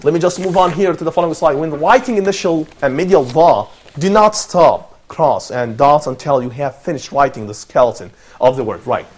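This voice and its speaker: A man's voice: a little high, animated, a little fast, hardly any pauses, husky. A man presenting and teaching a lesson, patient and encouraging, who often repeats his phrases.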